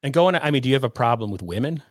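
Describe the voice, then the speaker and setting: A man's voice: medium pitch, lively intonation, very fast, no echo, studio quality. A man hosting a live stream, casually questioning his guest and reading out viewer comments, with many fillers.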